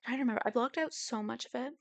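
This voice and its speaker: A woman co-hosting a podcast, reacting in quick, laughing chatter. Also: fairly high pitch, vocal fry, no room sound. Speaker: podcast co-host. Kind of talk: casual chat.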